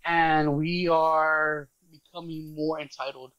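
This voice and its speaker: A man's voice: a little high, flat delivery, slow pace, fairly bright tone, clean tone, no room sound, rough recording. A man co-hosting a podcast, ranting in casual chat with restarts and casual swearing. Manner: opinionated, rambling with restarts and swearing. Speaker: podcast co-host.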